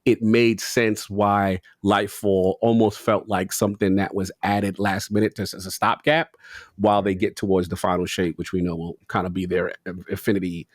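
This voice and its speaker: A man's voice: low voice, level tone, moderate pace, no echo, clean studio sound. A man hosting a casual gaming podcast, rambling and laughing as he hypes up his friends. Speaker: podcast host.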